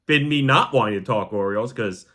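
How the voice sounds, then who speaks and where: A young man hosting a podcast, talking to camera in a heartfelt, halting way that sometimes sounds choked up. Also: medium pitch, a bit bright. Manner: repeats the word "gang" to the audience. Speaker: podcast host. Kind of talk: emotional personal monologue to camera.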